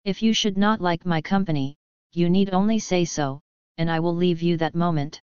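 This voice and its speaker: A gruff, gentle beast in a storybook, sorrowful and awkwardly polite, as a woman reader puts him on. The voice sits low and clear against a dull, lo-fi recording. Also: fairly even intonation, moderate pace, dry recording, lightly acted. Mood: humble.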